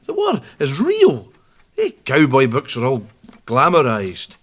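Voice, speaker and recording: Using a full character voice, a Scottish-accented actor portrays a grumbling, exasperated old man lecturing in a comedy sketch. His medium-pitched, fairly bright voice swoops wildly in pitch at a measured pace, with background noise audible.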